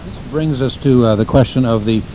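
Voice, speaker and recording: A man hosting a talk radio show, asking a guest measured, formal questions. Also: medium pitch, heavy background noise. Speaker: radio host.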